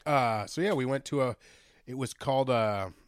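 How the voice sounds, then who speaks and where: A man's voice: mid-range voice, normal speed, clean tone, no room sound, studio quality. A young man from Canada co-hosting a podcast, laid-back and rambling, swearing often in casual banter. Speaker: podcast co-host.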